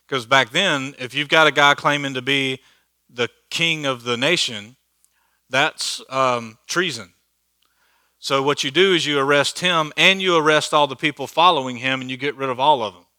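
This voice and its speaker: A man's voice: medium pitch, bright, forceful tone, dry recording. A man teaching a church Bible study in a conversational, joking way, laughing at his own asides. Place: church hall.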